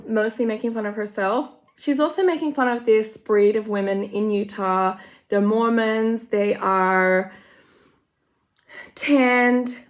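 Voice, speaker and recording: An Australian woman chatting casually and rambling through a makeup tutorial, full of gossipy asides. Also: on the high side. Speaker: makeup vlogger.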